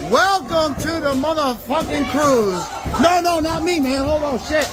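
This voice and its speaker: A man filming a brawl, shouting excited, profane remarks. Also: extremely high pitch, music in the background. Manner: excited, swearing, drawn-out. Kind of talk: shouted bystander commentary. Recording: noisy crowd in a big hall.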